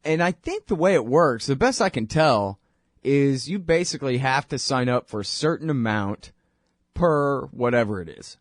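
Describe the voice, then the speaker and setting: A man's voice: medium pitch, expressive, no echo. Dry-voiced man hosting a radio show. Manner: rambling, wry, conversational, quick asides. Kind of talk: casual monologue.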